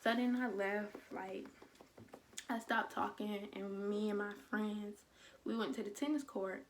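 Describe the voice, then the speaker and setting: A woman's voice: medium pitch, steady tone, unhurried. A young woman telling a personal story in a casual vlog, acting out what other people said. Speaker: vlogger.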